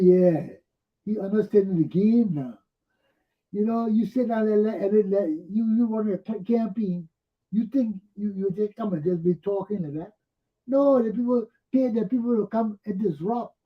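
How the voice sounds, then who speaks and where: A man hosting a talk show, giving animated political commentary full of rhetorical questions and mimicked voices. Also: sits high, highs cut off. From Liberia.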